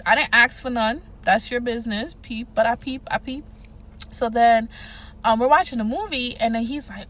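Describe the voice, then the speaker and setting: A woman telling a dating story in a casual, animated, profane way, acting out what people said. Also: a little high, normal speed. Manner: animated, profane, acts out quotes.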